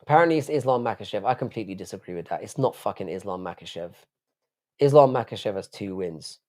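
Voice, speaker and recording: A man's voice: on the low side, animated, quick pace, darkish tone. A man from the United Kingdom hosting a late-night live stream, rambling casually, swearing often and answering chat messages aloud.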